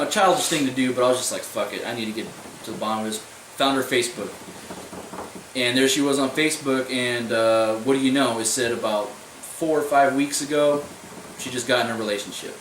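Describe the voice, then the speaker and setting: A young man telling a story in a casual vlog, rambling and swearing, leaning on "I was like" over and over. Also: medium pitch. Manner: rambling, profane, repeats "I was like" a lot. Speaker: vlogger. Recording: echoey room, mic at a distance, faint noise.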